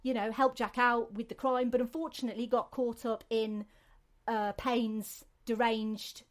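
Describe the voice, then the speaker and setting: British woman, podcast host, casual rambling chat, somewhat high voice. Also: fairly even intonation, a little slow. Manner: chatty, rambling with many ums and restarts.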